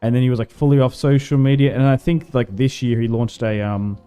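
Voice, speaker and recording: A man's voice: mid-range voice, steady tone, brisk, warm tone, smooth, soft background music. Laid-back Australian guy streaming. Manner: rambling, laid-back, slangy. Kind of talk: casual livestream chat over gameplay.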